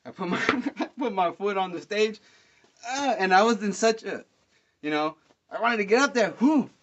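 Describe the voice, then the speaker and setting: Man, podcast host, rambling casual storytelling, excitable, slangy, somewhat high voice, muffled lo-fi sound. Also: normal speed, background noise. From Dallas, Texas. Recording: dull lo-fi sound.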